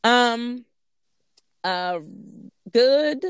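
A woman in her thirties chatting casually as a co-host, ranting with lots of swearing and animated outbursts. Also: a little high, drawn-out words, clear, resonant tone, dry recording, studio quality. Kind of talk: casual chat.

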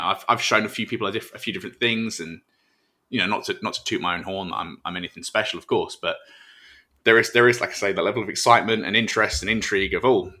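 English man, low voice, bright and forceful tone, casual podcast chat, self-mocking, rambling. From England. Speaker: professional wrestler, guest.

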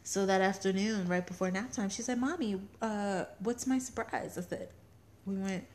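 A woman's voice: mid-range voice, normal speed, slight background noise. A young woman co-hosting a casual chat show, telling family stories in a chatty way and laughing often. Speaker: podcast co-host.

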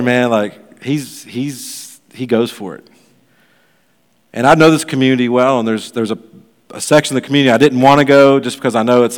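A pastor giving a sermon, telling a story in a loose, conversational way full of fillers. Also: male voice, mid-range voice, long reverb tail.

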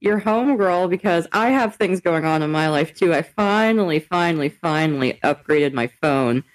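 A woman's voice: lowish voice, lively intonation, normal speed, rough recording. A young woman co-hosting a podcast, chatting casually and teasing with frequent giggles. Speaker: podcast co-host. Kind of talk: casual chat.

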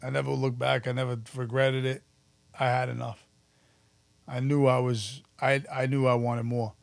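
A man, telling stories about his past in an animated, profane, casual interview. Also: medium pitch, moderate pace, gravelly, dry recording. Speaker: podcast guest, musician and actor.

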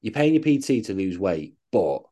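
A man's voice: low voice, sing-song, normal speed, warm tone. A man co-hosting a coaching podcast, ranting bluntly and swearing in casual chat.

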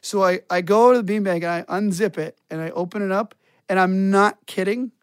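A man's voice: high voice, brisk, smooth, no room sound, clean studio sound. A man in casual chat, telling a crude story with lots of swearing and laughter breaking into his lines.

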